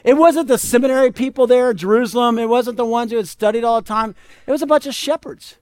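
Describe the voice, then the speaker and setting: A man's voice: very high voice, fast talker. A male pastor preaching a conversational sermon, telling stories and often asking "right?". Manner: conversational, animated storytelling with frequent "right?".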